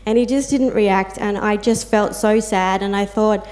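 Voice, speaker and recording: Una mujer con acento australiano habla como voluntaria de apoyo entre pares, contando historias personales con sentimiento y muletillas. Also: female voice, medium pitch, steady tone, measured pace, a little mellow. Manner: heartfelt storytelling with fillers and quoted asides. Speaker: peer support volunteer and carer speaking on a panel. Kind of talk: personal talk to an audience.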